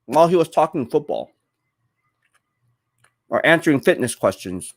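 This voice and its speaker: A man's voice: fairly high pitch, very animated, a little fast. A young man chatting casually on a live stream while eating, rambling and reading viewer comments aloud.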